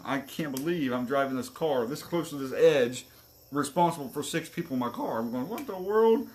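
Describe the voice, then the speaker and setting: A man's voice: a little high, slight background noise. Earnest man telling a story. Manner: candid, earnest, self-deprecating. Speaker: co-host. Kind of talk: casual storytelling on a live stream.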